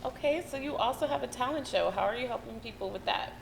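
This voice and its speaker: A woman's voice: on the high side, fast, creaky, a little hiss or hum, poor audio. A woman from Atlanta with a mild Atlanta accent, hosting an interview in a chatty, giggly, affirming way. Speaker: host. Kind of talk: casual interview talk.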